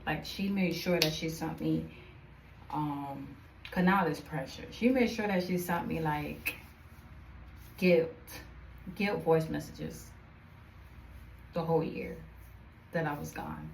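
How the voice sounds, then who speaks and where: A young woman telling a personal story to camera in a chatty, animated way, full of fillers. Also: low-pitched, takes it slowly, vocal fry, long pauses, slight background noise, low-quality recording. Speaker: vlogger. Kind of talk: casual storytime.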